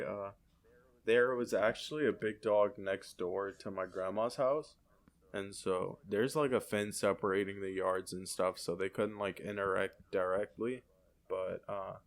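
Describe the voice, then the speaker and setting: A man with a low, gravelly voice that stays flat in pitch. He hosts a podcast in a casual chat, telling relaxed, rambling stories. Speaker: podcast host.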